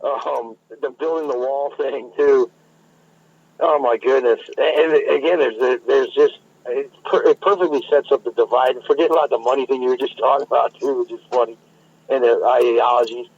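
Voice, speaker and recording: A laid-back man chats as a co-host, rambling and restarting his sentences. His voice is husky and gravelly at a middle pitch. The audio comes through a dull, lo-fi line. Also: steady tone, moderate pace, a little mellow. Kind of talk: casual chat.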